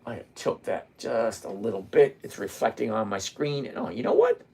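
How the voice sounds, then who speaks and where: A man, hosting a casual trading livestream and chatting with viewers by name, relaxed and quick to laugh. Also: fairly low pitch, vocal fry, slightly rough. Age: 60s. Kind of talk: casual livestream chat reading viewer comments.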